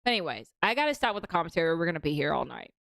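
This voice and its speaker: A woman's voice: low voice, very animated, racing, vocal fry, fairly bright tone, no room sound. A young woman streaming casual reaction commentary, talking in a chatty, mocking way with lots of fillers.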